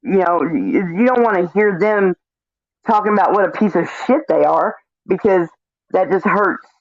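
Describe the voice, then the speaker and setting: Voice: mid-range voice, moderate pace, no room sound. A livestream guest in casual chat, telling stories bluntly and swearing freely. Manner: blunt, profane storytelling. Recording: dull lo-fi stream audio.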